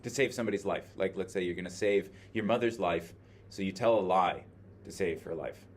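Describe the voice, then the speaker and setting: Male teacher, lower voice, classroom lecture, thinks aloud with fillers; camera-recorded, faint background hiss. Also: brisk. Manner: explains by thinking aloud, many filler words. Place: classroom with a screen. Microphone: video camera in the classroom.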